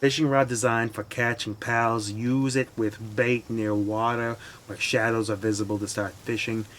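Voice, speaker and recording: A man's voice: lowish voice, level tone, moderate pace, fairly bright tone, slight background noise. A man streaming a game live, chatting with his viewers and playfully mourning his in-game tools. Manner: playful, mock-solemn asides to chat. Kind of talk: live gameplay commentary to chat.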